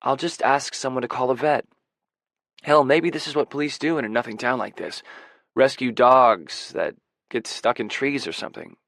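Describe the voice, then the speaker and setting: A shaken young man, voiced by a male narrator, rambling and cursing as he talks, his voice with a gravelly edge. The sound is dry and close to the mic, with no room around it. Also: mid-range voice, normal speed, fairly bright tone, dry recording, close to an everyday voice. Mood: anxious. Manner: breathless rambling, swearing. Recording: dry close audiobook recording.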